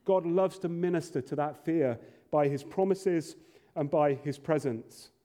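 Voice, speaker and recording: Pastor guy preaching, fairly high voice but warm and mellow, earnest w/ little jokes. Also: a little slow. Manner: earnest preaching with playful asides. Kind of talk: sermon.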